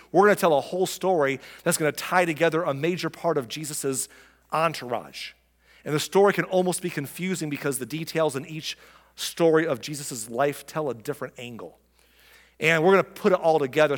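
Male pastor, sermon, slightly high voice, church hall reverb. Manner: conversational, asks the congregation questions. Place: church sanctuary.

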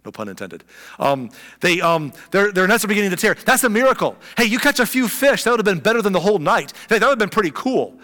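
Brief: pastor preaching an animated, chatty sermon, slightly high voice, long reverb of a big sanctuary. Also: male voice, quick pace. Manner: animated, conversational, exclaiming. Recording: long reverb of a large hall.

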